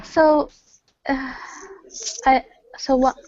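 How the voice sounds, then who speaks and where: A high-voiced woman reads haltingly through a tongue twister, stumbling and repeating herself. She is on a tablet over voice chat, the sound dry and dull. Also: flat delivery, a little mellow, no room sound. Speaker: student. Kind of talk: reading aloud in a pronunciation lesson.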